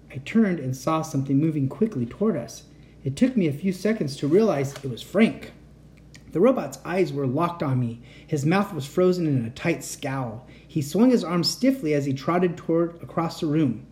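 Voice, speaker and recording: Animated bedtime storyteller. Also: medium pitch, moderate pace, slight background noise. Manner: animated, expressive reading.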